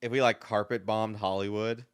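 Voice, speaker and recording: A man with a fairly low, smooth voice speaks at a moderate pace, recorded cleanly in a studio with no room sound. Co-hosting a podcast in casual conversation, he tells stories animatedly and acts out quotes.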